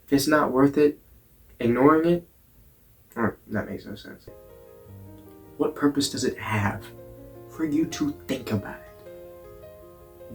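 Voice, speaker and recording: A young man talking straight to camera, blunt and full of swearing, often stumbling and repeating words as he tells a personal story. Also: medium pitch. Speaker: vlogger. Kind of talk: candid storytelling monologue.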